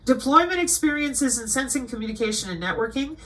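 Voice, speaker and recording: Bright-voiced woman reading out a list. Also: a little high, expressive, a little fast, low-quality recording. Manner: indignant, lecturing the listener. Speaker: online commentator. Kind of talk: casual monologue reading from a web page.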